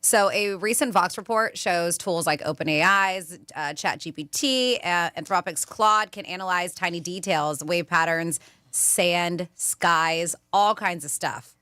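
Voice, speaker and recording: A woman's voice: fairly low pitch, measured pace, sharp tone, clear, resonant tone, dry recording. A woman co-hosting a radio show in a studio, chatting and reading out news items and listener texts. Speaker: radio co-host. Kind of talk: casual talk radio banter. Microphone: studio microphone.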